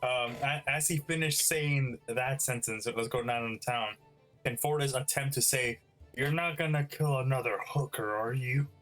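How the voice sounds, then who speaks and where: An excitable man playing a tabletop game, quick to jump in and act out his character, his voice pitched in an ordinary middle range. Soft music runs faintly under the table talk. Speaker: player.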